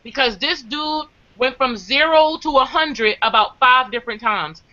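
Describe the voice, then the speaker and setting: High bright-voiced woman telling a story. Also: a little slow. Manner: animated, quotes others in acted voices. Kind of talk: casual storytelling. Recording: dull lo-fi sound.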